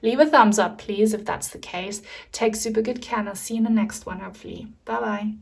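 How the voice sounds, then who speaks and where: A woman's voice: medium pitch, steady tone, a little fast, vocal fry, breathy edge. A young woman from Germany giving an enthusiastic, chatty tarot card reading to her viewers. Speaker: tarot reader.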